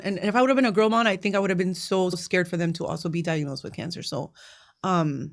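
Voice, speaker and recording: A woman in her thirties from Miami, a guest in an interview, chatting warmly and telling stories with laughs and emotion. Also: lowish voice, fast talker. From Miami, USA. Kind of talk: casual interview chat.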